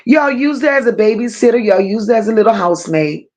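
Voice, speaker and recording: A slightly high, expressive female voice drives this livestreamed true-crime commentary. Her rant is emphatic and confrontational, with heavy stress on key words and pauses to thank viewers in the chat.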